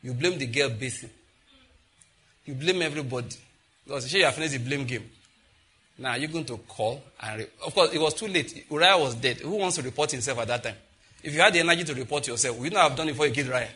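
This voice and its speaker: A man with a Nigerian accent preaching a sermon, telling scripture stories with sudden animated exclamations. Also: mid-range voice, quick pace, breathy edge.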